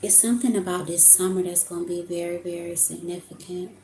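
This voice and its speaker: Woman, tarot reader, low and flat, echoey room with faint hum. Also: a little fast. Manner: emotional, talks to viewers as y'all. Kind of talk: casual tarot reading to camera.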